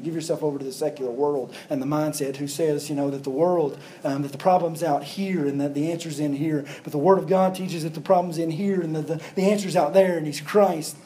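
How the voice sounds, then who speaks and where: A man's voice: on the high side, warm tone, low-quality recording. A man preaching a sermon as pastor, building emphasis through repeated phrases.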